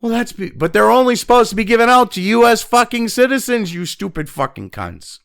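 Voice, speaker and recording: A man's voice: high voice, very animated, brisk, vocal fry, few pauses. A man from New Hampshire hosting a news commentary show, ranting in a profane, exasperated and sarcastic way. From New Hampshire, USA.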